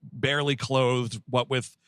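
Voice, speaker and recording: A man's voice: mid-range voice, flat delivery, measured pace, a bit bright, clear, resonant tone, dry recording, clean studio sound. A man co-hosting a comedy movie-review podcast, talking casually, swearing and acting out scenes in silly voices. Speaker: podcast co-host.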